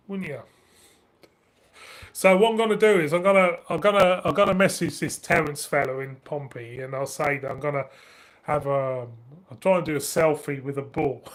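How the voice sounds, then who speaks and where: A middle-aged man with a northern English accent, chatting casually on a live stream, laughing often and swearing freely. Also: on the high side. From northern England. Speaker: beer review channel host.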